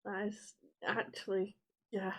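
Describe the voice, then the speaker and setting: A woman's voice: mid-range voice, level tone, slow. A woman co-hosting a podcast in casual banter, giggly and easily amused. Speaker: guest co-host.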